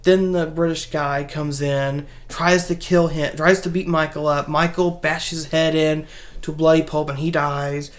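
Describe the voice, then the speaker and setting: A woman with a fairly low voice talks through a horror movie's plot in a loose, chatty way. She restarts her sentences, corrects herself and adds side comments as she goes. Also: fairly even intonation, a little slow. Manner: rambling, chatty, many restarts and fillers. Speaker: movie reviewer. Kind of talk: casual spoken movie recap.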